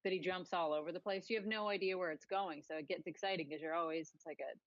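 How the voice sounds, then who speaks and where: A woman's voice: fairly low pitch, quick pace, no echo, dull audio. A woman co-hosting a podcast, telling rambling, sarcastic stories in casual political chat. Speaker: podcast co-host.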